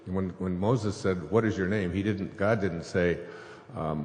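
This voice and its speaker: On stage before a live audience, a spiritual author slowly tells a scripture story in his low, darkish voice with fairly even intonation. His telling rambles, dotted with fillers and chuckles. The sound is echoey, as in a hall, with faint noise.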